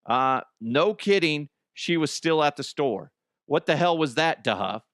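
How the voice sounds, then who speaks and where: Excitable swearing male podcast host. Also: on the high side, measured pace, no room sound, clean studio sound. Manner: excitable, laughs often, swears freely. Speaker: podcast host reading listener stories. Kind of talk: comic commentary on listener stories.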